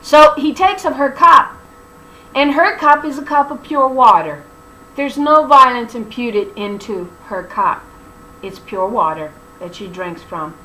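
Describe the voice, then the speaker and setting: A woman's voice: a little high, unhurried, bright, forceful tone. A woman teaching scripture in an emphatic preaching style, mixing colloquial, sarcastic asides into her reading. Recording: echoey room with faint hum.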